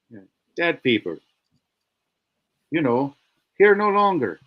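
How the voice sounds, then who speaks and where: A man's voice: a little high, sing-song, slow, pauses often, fairly bright tone. A man hosting a casual podcast, folksy, laughing often and trading country sayings. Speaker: podcast host.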